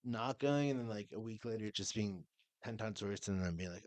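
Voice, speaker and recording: A man's voice: lowish voice, moderate pace, a little mellow, no echo. A young man co-hosting a podcast, teasing his friend in casual chat and laughing often. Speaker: podcast co-host.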